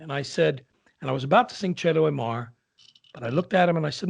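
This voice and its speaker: A man, an opera singer, telling a lively anecdote in casual conversation and acting out the people in it. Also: a little high, fast talker, vocal fry. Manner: animated storyteller, acts out quoted voices.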